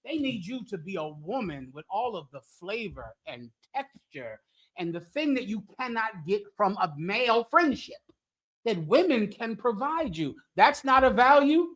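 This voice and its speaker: A high-pitched, sing-song male voice at normal speed, with a fairly bright tone. He teaches scripture through brash, joking, provocative preaching to a live chat, asking many rhetorical questions and regularly laughing at his own jokes.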